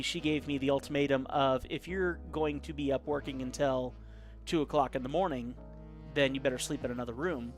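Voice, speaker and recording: A man live-streaming his drawing, chatting casually and reading viewer comments aloud in a rambling way. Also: mid-range voice. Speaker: caricature artist live-streaming.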